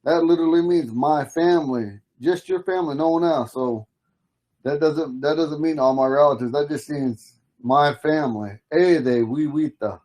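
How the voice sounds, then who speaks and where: A middle-aged man teaching an online language class, explaining slowly and repeating phrases for his students. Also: fairly high pitch, a little mellow, poor audio. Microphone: video call.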